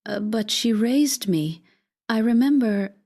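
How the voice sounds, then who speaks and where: A woman's voice: fairly high pitch, lively intonation, slow, dark tone, no echo, studio quality, full character voice. A woman voicing a frightened young woman who speaks in a trembling, unsure way. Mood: shaken.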